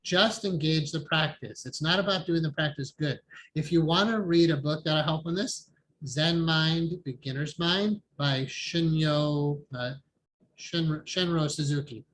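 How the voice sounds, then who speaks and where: A man teaching an online meditation support group in a calm, conversational way, laughing often. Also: a little high, a little slow, rough recording. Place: home, online video call. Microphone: video call microphone.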